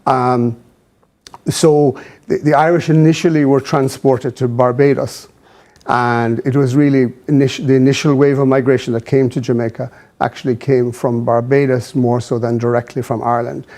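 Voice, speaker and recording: A man as a studio guest, giving measured, thoughtful explanations with many pauses and fillers. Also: medium pitch, flat delivery, a little mellow. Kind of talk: explanatory interview answers.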